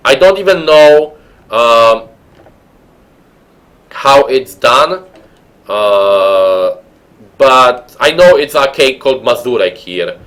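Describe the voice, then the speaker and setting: A man's voice: medium pitch, lively intonation, slow, long pauses, fairly bright tone. Chatty Polish-accented man streaming a game. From Poland. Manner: rambling, chatty, many fillers and restarts. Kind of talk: casual let's-play chat.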